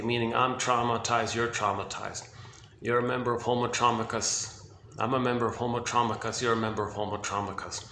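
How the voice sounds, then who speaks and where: A man's voice: medium pitch, fairly bright tone, a little hiss or hum. A man giving a rambling spoken monologue, full of restarts and asides, while moving around inside a building. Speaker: self-help commentator. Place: indoor building with hallway and rooms. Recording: echoey indoor space.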